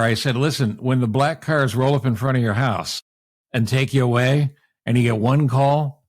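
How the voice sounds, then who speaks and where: A man hosting a talk show, chatting casually and reacting to his guest's stories. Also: medium pitch. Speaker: host. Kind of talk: casual chat.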